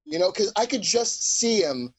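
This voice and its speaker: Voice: mid-range voice, normal speed, breathy edge. A podcast guest in casual chat, enthusiastic and swearing freely. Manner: swears a lot, animated and enthusiastic.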